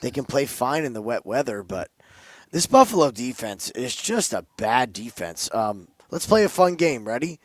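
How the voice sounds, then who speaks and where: A man's voice: medium pitch, big pitch swings, normal speed, no echo. A man co-hosting a sports betting podcast, giving emphatic, opinionated picks with playful asides. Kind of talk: casual sports betting chat.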